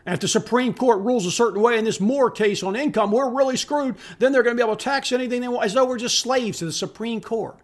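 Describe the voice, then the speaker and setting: A middle-aged man with a notably high-pitched voice delivers a solo podcast monologue. He rants with open contempt, swearing often and hammering his points through repetition. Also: fast, few pauses. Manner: angry, contemptuous ranting with profanity; emphatic repetition. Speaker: podcast host.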